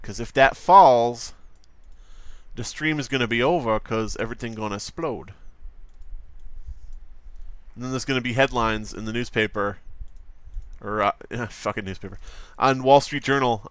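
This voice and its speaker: A man talking off the cuff on a live stream from his desk at home, rambling from one joke to the next and swearing freely. His pitch sits in an ordinary middle range, and the sound is close and dry with no room around it. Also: normal speed, long pauses, no echo. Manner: rambling, profane and jokey, often breaking into mock voices. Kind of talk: casual live-stream chatter while drawing.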